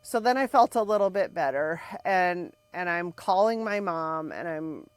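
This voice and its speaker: Low-voiced woman telling a personal story. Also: animated, moderate pace, no echo. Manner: vivid, candid retelling with reenacted dialogue and blunt swearing. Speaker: podcast co-host telling her family's story.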